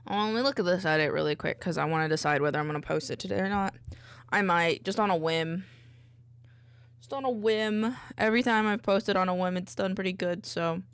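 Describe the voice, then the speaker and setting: A woman streamer chatting casually with viewers from her home desk, bubbly and rambling, into a mic on a boom arm. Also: normal speed, pauses often, clean tone, no echo. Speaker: VTuber streamer. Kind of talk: casual livestream chat.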